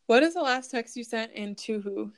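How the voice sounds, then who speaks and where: A woman's voice: fairly high pitch, animated, moderate pace. A young married woman co-hosting a casual podcast, asking questions and laughing easily as she talks. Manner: friendly, laughs often, asks questions.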